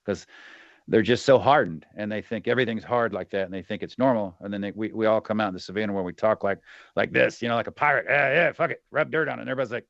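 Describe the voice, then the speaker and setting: A man's voice: on the low side, fast talker, dry recording, highs cut off. A middle-aged man and retired soldier talking bluntly and with profanity as a podcast guest, often acting out quoted voices. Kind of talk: candid interview talk.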